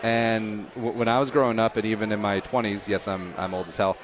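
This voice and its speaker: A man in his thirties hosting a casual interview, joking and self-deprecating with quick asides. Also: fairly low pitch, level tone, crowd noise. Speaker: podcast host.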